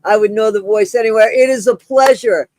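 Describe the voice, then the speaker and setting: A man's voice: high-pitched, fairly quick, no room sound. Effusive, breathless male stream host. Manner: effusive, rambling, with many restarts and shout-outs. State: short of breath. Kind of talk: casual live-stream chat.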